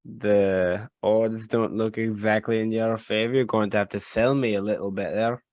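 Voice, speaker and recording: A man's voice: fairly low pitch, steady tone, normal speed, a little mellow, dry recording. A man playing a tabletop game, talking casually and joking in a laid-back way. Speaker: player.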